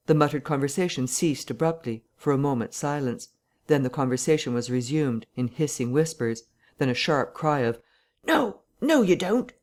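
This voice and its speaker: A man narrating a classic novel audiobook in a measured, even reading. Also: mid-range voice.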